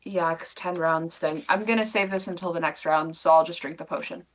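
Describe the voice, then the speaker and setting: A woman's voice: deep voice, steady tone, brisk, fairly bright tone. A woman playing a tabletop game, casually thinking aloud about her turn. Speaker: player.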